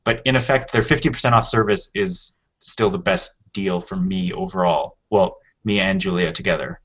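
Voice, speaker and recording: A man's voice: sits low, moderate pace, fairly bright tone, husky. A man co-hosting a tech podcast, explaining at length in casual chat with frequent restarts. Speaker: podcast co-host. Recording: dull, lo-fi podcast audio.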